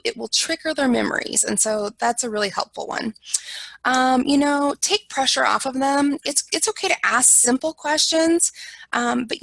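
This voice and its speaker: A woman's voice: high-pitched, creaky, fairly bright tone, no echo, low-quality recording. An American woman giving an informal talk on dementia care, chatty and full of ums and you-knows. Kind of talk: presentation lecture.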